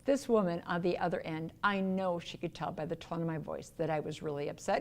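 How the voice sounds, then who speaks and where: A woman giving a recorded workplace training lecture on customer service, earnest and instructive, sometimes acting out quick quoted voices. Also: on the low side, steady tone, vocal fry, a little mellow.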